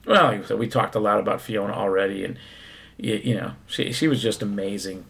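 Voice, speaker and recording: A man's voice: fairly low pitch, brisk, vocal fry, a bit bright, breathy edge. A man co-hosting a casual political chat, talking hesitantly with many fillers and restarts.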